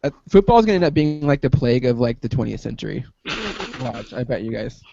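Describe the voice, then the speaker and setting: A man's voice: mid-range voice, animated, fast, vocal fry, crowd noise. A man hosting a casual podcast, joking and going off on tangents. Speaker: podcast host. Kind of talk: casual chat. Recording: dull, dry lo-fi podcast audio.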